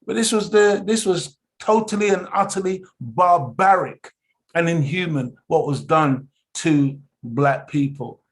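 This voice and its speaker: In a slightly higher-than-typical male voice, a man delivers an impassioned, preacherly lecture to a study group at a measured pace. He drives each point home emphatically, repeatedly checks in with his listeners, and calls them family.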